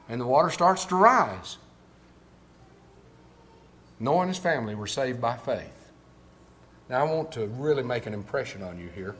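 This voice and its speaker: Older male preacher, higher voice, very animated delivery, sermon style. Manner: swings from quiet storytelling to loud emphatic preaching.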